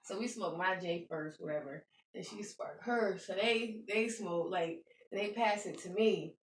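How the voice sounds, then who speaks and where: A woman's voice: mid-range voice, measured pace, a little hiss or hum. A woman co-hosting a podcast, telling a story in casual chat and acting out the voices of the people in it. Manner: animated, laughing storyteller who acts out quoted lines. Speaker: podcast co-host. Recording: echoey room, mic at a distance.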